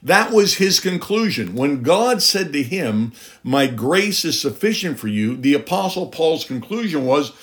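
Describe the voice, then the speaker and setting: A man's voice: fairly high pitch, very animated, unhurried, a bit bright. A middle-aged man preaching a sermon, emphatic, with rhetorical questions and a voice that climbs on key points.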